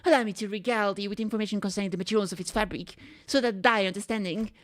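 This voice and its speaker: A woman voicing an excitable young woman knight who speaks theatrical old-fashioned English in a video game reading. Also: on the high side, moderate pace, voice pushed up, natural voice. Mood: excited.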